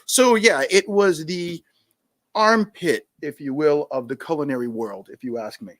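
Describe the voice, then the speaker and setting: Lively man telling war stories on a podcast. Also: a little high, a little slow, no echo. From New York. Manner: animated, acts out quoted voices, laughs often. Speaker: podcast guest. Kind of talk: casual storytelling.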